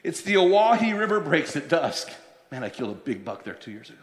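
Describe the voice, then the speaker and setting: A pastor in his fifties preaches in a fairly high voice, mixing stories with slow, weighted scripture lines. The sound is roomy, with a long reverb trailing each phrase. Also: very animated. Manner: storytelling, slows down to stress scripture. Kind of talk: sermon. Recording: echoey hall, long reverb.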